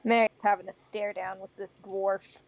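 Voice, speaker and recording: A woman's voice: medium pitch, level tone, moderate pace, vocal fry. A woman playing a tabletop game, speaking bluntly and casually. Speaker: player.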